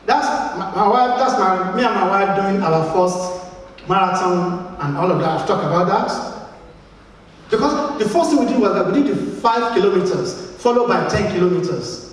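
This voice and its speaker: A man's voice: high-pitched, animated, normal speed. A Nigerian-accented man giving a motivational speech to a live audience, emphatic, repeating words and asking the crowd questions. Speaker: motivational speaker. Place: large event hall. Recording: echoey hall, voice from far off.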